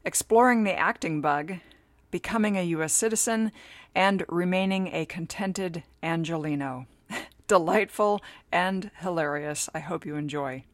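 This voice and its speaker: A woman's voice: fairly low pitch, normal speed, dry recording. A woman, the host, reading a scripted introduction to her interview show. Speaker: podcast host.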